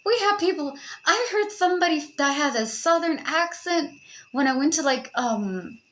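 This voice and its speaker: A young woman hosting a podcast, giving casual advice in an animated, joking way with frequent swearing. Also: high-pitched, normal speed, rough recording. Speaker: podcast host.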